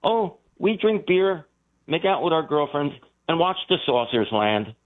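A man's voice: fairly high pitch, measured pace, pitched above the performer's own voice. A man on a call-in line putting on small-town teenage boys who talk matter-of-factly. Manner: flat, matter-of-fact. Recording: tinny phone line.

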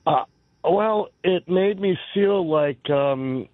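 A man's voice: sits high, takes it slowly, dry recording. A man calling into a radio show and telling a long personal story in a chatty way, laughing and acting out what others said. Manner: chatty storyteller, acts out voices in quotes, laughs often. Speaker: radio caller. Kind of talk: telling an anecdote on a call-in show. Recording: tinny phone line.

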